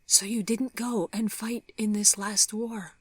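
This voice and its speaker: A woman voicing an older grandmother who is crying, speaking in halting, breathy, often whispered lines. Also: on the low side, steady tone, no room sound, pitched above the performer's own voice. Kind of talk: audiobook character voice.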